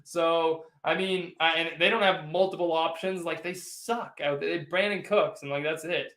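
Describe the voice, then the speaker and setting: A man's voice: on the high side, fairly even intonation, moderate pace, fairly bright tone. A man hosting a casual postgame livestream, rambling and teasing as he answers viewers' chats directly. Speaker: sports livestream host. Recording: echoey room.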